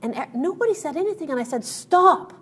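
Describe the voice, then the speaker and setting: A woman's voice: high voice, animated, racing, warm tone. A woman guest in an interview, telling a personal story in an earnest way, with many fillers and restarts.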